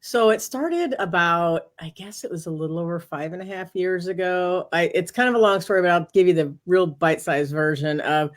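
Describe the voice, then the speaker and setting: A woman, a guest on an interview show, telling a personal story in a casual, animated way, often quoting what she said to herself. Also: on the low side, a little fast, hardly any pauses. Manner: animated, talks through quoted inner dialogue.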